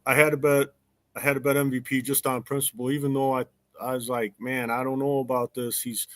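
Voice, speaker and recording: A man's voice: mid-range voice, flat delivery, fairly quick, no room sound. A man hosting a casual sports chat, rambling and correcting himself as he talks. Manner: rambling, self-correcting, chatty. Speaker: podcast host.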